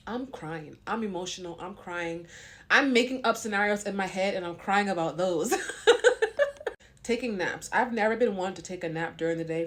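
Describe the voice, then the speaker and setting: Young woman, pregnant, frank, talkative, slightly low voice, casual vlog. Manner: blunt and frank; long-winded and talkative. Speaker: vlogger. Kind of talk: casual talk to camera.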